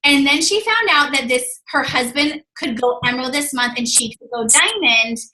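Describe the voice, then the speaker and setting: A high-pitched woman with a bright, forceful voice hosts a team call and heaps on effusive praise. Her voice rings with a roomy echo. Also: lively intonation, normal speed. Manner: effusive, many fillers like "like" and "um". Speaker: host of a team video call. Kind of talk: gushing, upbeat team-call chat.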